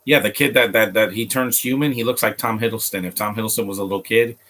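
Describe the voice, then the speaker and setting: A man chatting casually to his live viewers as he reacts to a film. He rambles, trips over his words and restarts sentences often. His voice sits a little low but sounds bright and forceful. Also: steady tone, fast. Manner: chats directly to viewers.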